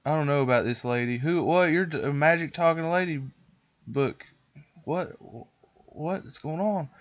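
A man's voice: fairly high pitch, measured pace, highs cut off, voice pushed up, close to an everyday voice. A man voicing a startled, confused young boy who stammers nervously. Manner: flustered, stammering.

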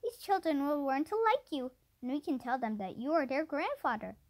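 A woman's voice: high voice, animated, moderate pace. A woman reading the lines of a motherly, welcoming older woman in a children's storybook, in a soothing, reasonable way. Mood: reassuring. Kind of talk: storybook character voice.

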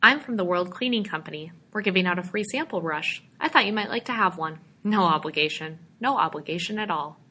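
Anxious young man, halting and breathless, bright edge, read by a woman. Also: lowish voice, animated, breathy edge, full character voice. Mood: polite.

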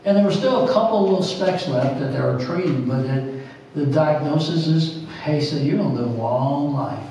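A man's voice: fairly high pitch, moderate pace, dark tone, far from the mic, slight background noise. A middle-aged man preaching a sermon, telling jokey stories and laughing often. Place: church sanctuary. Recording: echoey church hall, preacher off-mic.

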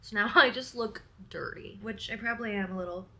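A woman's voice: mid-range voice, brisk. A young woman from Connecticut talking casually to camera for a vlog, chatty and self-deprecating, with lots of "like". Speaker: vlogger. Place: hotel room in bed and out in a city. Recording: faint background noise.

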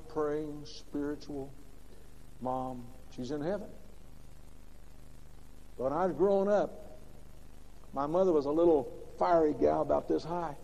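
A man preaching a sermon as pastor, swinging between loud emphatic bursts and quiet, low asides. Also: gravelly. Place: large church sanctuary. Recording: old lo-fi recording with long reverb.

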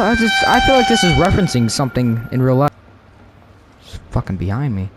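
A young man commenting as he plays a horror video game, talking to his viewers, excitable and cursing, often yelling in fright. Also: mid-range voice, a little fast, very noisy. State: out of breath. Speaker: gaming video creator. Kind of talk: let's play commentary.

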